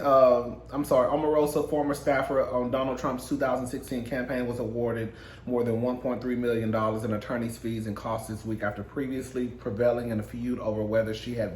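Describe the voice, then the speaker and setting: A man's voice: mid-range voice, fairly even intonation, fairly quick, roomy sound, a little hiss or hum. A man doing a casual celebrity gossip monologue, sassy and laughing often, calling listeners girl and honey. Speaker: gossip commentator.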